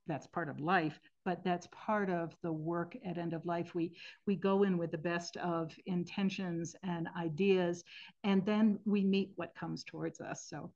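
A woman in her sixties speaks as an interview guest, earnest and reflective, often pausing to rephrase. Her voice sits on the low side. The podcast audio sounds a little dull and muffled. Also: steady tone. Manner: thoughtful, earnest, with gentle restarts. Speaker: guest, end-of-life singer.

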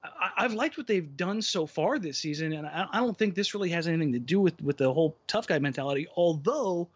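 A man's voice: on the high side, expressive, fairly quick, slightly rough. A man co-hosting a casual basketball podcast, opinionated and rambling, often restarting his sentences. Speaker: podcast co-host. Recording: muffled lo-fi podcast audio.

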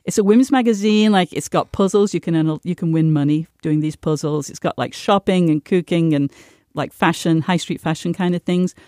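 A woman's voice: lowish voice, normal speed, dark tone, no room sound, clean studio sound. A woman co-hosting a podcast in casual chat, talking in a hesitant way with many fillers and restarts. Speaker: podcast co-host.

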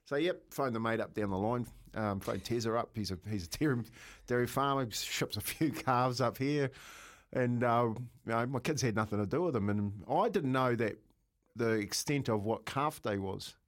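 Laughing Kiwi man telling a story. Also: normal speed. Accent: New Zealand. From New Zealand. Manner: animated, laughing, raises pitch for quoted voices. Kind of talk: casual storytelling.

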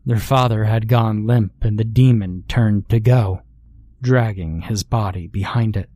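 A man reading a horror story aloud as scripted narration, measured and deliberate. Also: on the low side, fairly even intonation, dark tone, no room sound, clean studio sound.

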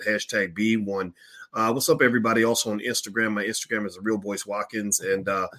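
A man's voice: on the low side, fairly bright tone. A man hosting a finance livestream, chatting casually with many fillers and restarts. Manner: chatty, frequent fillers, flares up in mock outrage. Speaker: finance show host.

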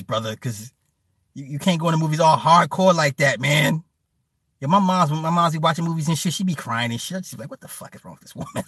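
Brief: man in his thirties, chatty stream host, bright, forceful tone, dry close sound. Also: a little high, no room sound. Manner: loud, profane, animated storytelling. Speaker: stream host reading chat. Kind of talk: casual chat.

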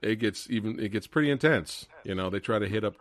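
A man's voice: lowish voice, fast. A man hosting a casual podcast, easygoing and recapping with frequent agreement words. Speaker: podcast host.

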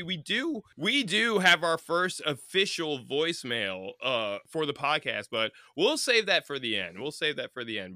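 Bright, punchy podcast host. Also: male voice, on the high side, no room sound, clean studio sound. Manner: joking, swears freely. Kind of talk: casual podcast banter.

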